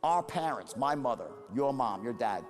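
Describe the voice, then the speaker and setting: A man's voice: medium pitch, expressive, normal speed. A man giving a motivational sales seminar, emphatic and repetitive, drawing call-and-response from the audience. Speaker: sales trainer. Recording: live hall with long reverb and faint music.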